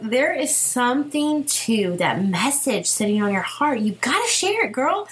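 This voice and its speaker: A woman hosting a motivational podcast, talking in an energetic, emphatic, chatty way and breaking into short sung bits. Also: mid-range voice, a little hiss or hum, poor audio. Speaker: podcast host.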